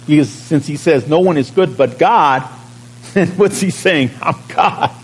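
A pastor preaching a sermon in a conversational way, stretching out key words and checking in with the congregation. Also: male voice, a little high, lively intonation, measured pace, breathy edge, poor audio.

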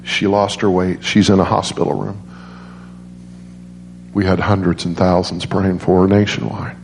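A middle-aged man preaching an evangelistic sermon, telling an emotional story with passion and climbing high at its peaks. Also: flat delivery, moderate pace, vocal fry, a little mellow, a little hiss or hum. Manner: impassioned storytelling, rising high when acting out emotional quotes.

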